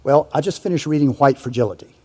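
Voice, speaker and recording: A man's voice: on the high side, fast, warm tone, in a large hall. An older man speaking as a panelist in a discussion, earnest and reflective, often restarting his sentences.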